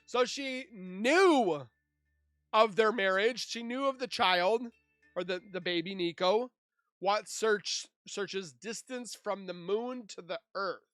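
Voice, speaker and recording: A man's voice: high-pitched, measured pace, a bit bright, clear, resonant tone, dry recording, clean studio sound, faint music behind. A man reading through a case timeline and breaking in with sarcastic, scornful asides in casual commentary. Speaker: true crime YouTuber.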